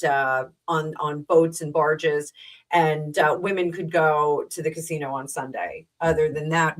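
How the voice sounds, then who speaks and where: A woman's voice: sits low, poor audio. A woman from New Jersey hosting a live tarot reading, rambling chattily with lots of fillers and asides to her viewers. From New Jersey, USA. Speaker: tarot reader and livestream host.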